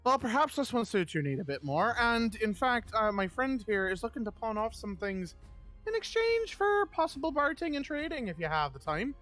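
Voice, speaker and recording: A player in a tabletop game, talking in a rambling, animated way and swearing freely. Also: mid-range voice, normal speed, faint music behind.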